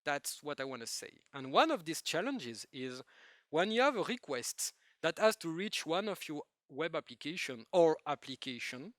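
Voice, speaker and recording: A man with a French accent giving a joking, lively tech talk to a live audience. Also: on the high side, moderate pace, dry recording, studio quality. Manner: lively, joking, with non-native phrasing. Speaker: conference speaker.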